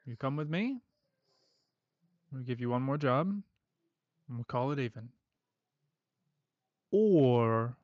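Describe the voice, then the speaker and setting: A man voicing a menacing male debt-collector warlock with an Australian accent, who makes calm threats and keeps saying mate. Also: medium pitch, gravelly, no echo, dull audio.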